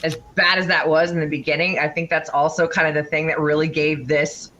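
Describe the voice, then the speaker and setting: Reflective guy in a group chat, bright tense voice, lots of "like", faint rumble. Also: flat delivery, a little fast. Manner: reflective, uses many "like" fillers.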